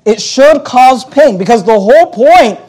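A man with a notably high voice delivers a sermon, talking to the congregation in a loose, conversational way. He stumbles over his words and repeats himself often as he pushes his points. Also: expressive, a little slow, a little mellow. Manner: conversational preaching with frequent stammered restarts. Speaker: pastor.

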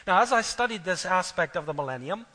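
Preacher, male, high-pitched and bright, earnest sermon delivery, long hall reverb. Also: animated, fast talker. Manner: earnest, swelling louder on key phrases. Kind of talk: sermon with scripture reading.

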